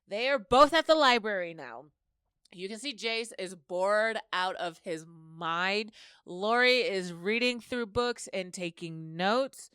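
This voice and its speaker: A woman's voice: medium pitch, lively intonation, slow pace, fairly bright tone, clean tone, dry recording, studio quality. A woman hosting a podcast, chatting casually as she retells a story and slips into quoted dialogue. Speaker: podcast host. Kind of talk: casual episode recap.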